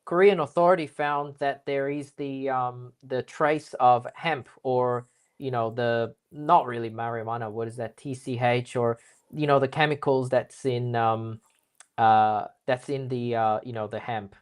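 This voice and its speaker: A man's voice: medium pitch, fairly even intonation, unhurried, clear, resonant tone. A man speaking as a guest in a casual business interview, explaining things at length with lots of fillers and restarts. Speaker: guest expert.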